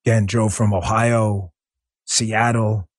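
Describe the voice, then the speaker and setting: A man's voice: lowish voice, flat delivery, slow pace, dry recording, clean studio sound. A man hosting a political talk show, speaking bluntly and earnestly and swearing freely. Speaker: podcast host.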